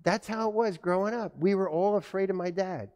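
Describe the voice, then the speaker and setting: In a reverberant church hall, a middle-aged male pastor preaches a sermon in a high, mellow voice at a fairly quick clip. He tells stories from his childhood and acts out dialogue from his family.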